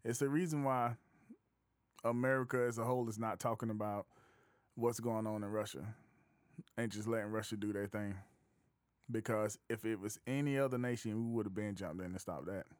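A man's voice: lowish voice, fairly even intonation, normal speed, no echo. A man in easy conversation as a podcast host, loose and jokey, laughing often. The sound is dry and close, with no room around it. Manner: laid-back, laughs often, loose storytelling. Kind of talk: casual chat.

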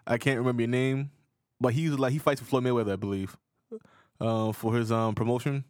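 A man's voice: medium pitch, steady tone, fairly quick, darkish tone, no room sound, clean studio sound. Profane joking podcast co-host man. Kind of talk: casual chat.

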